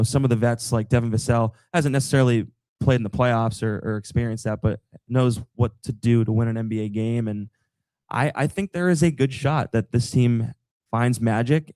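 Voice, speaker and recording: A young man's mid-pitched voice in a live podcast conversation, close and dry with little room around it. He grew up near Boston but has no accent. He tells stories with animated energy and breaks down the game like the analyst he is. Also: no room sound. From Boston area. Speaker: team TV analyst, guest. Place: live show with audience.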